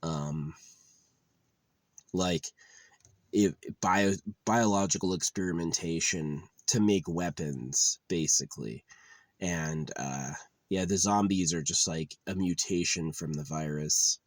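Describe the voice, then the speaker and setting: A man's voice: sits low, slow, no echo. A tired young man ranting casually about a game, frustrated, swearing often and rambling with lots of fillers. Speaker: gamer venting about a game. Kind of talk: casual rant to camera.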